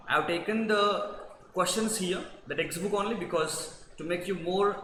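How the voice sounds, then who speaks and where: A man's voice: sits high, fairly even intonation, normal speed. A man teaching a grammar revision lesson, explaining patiently and repetitively and checking in with the class. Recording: echoey room with long reverb and faint noise.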